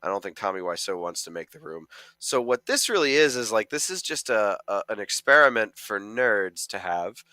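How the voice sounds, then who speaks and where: A man's voice: fairly low pitch, lively intonation, moderate pace, bright, forceful tone, no room sound. A young man co-hosting a podcast, chatting casually about films and rambling with many fillers. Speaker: podcast co-host, amateur film critic. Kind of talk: casual chat.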